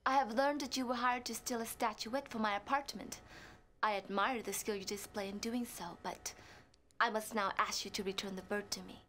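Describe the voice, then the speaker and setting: A woman's voice: medium pitch, steady tone, moderate pace, sharp tone, slight background noise, lightly acted. Woman playing Eddie Ching, icy crime boss. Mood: menacing. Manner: imperious, clipped threats. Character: cold ruthless female crime boss. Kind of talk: full-motion video game acting.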